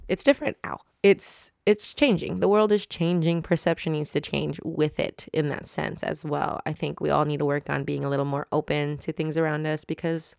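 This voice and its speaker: A woman's voice: low voice, vocal fry, darkish tone, smooth, dry recording, clean studio sound. A woman hosting a solo podcast, rambling and chatty in a casual, self-mocking monologue. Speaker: podcast host.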